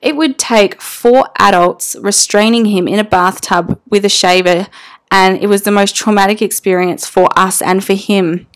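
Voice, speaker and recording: A woman's voice: mid-range voice, fairly even intonation, moderate pace. A young woman speaking as a mother, telling her family's story in a candid, emotional way with casual slang and fillers.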